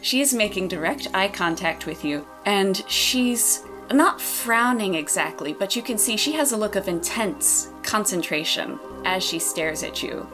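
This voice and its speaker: A woman's voice: medium pitch, a little slow, hardly any pauses, music in the background. Chill woman game master, talking through the scene, lots of ums, mid voice. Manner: relaxed, chatty, with ums. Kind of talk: narrating a tabletop role-play podcast.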